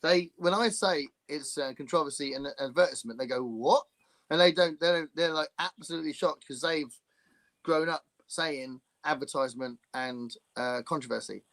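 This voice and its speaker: Guy on a chatty stream, bit higher voice, jokes around, reads out comments. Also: fairly quick, a bit bright. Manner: jokey, reads viewer comments aloud, playful mimicry. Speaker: podcast co-host. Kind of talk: casual chat on a livestream.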